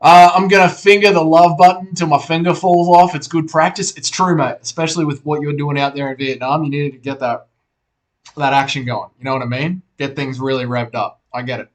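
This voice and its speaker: A young man with an Australian accent chats through a live stream at his computer, slightly high in pitch. His talk is loose and laid-back, full of banter and swearing as he answers chat. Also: fairly even intonation, fairly quick. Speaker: livestream host reading chat.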